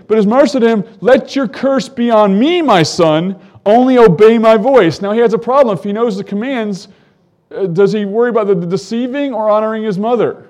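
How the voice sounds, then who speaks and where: Guy teaching bible verses, reads a bit then stops to explain, fairly high voice for a man, gets animated on the quotes. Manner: reads scripture aloud and stops to comment; animated, voice climbing when quoting the characters. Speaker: preacher.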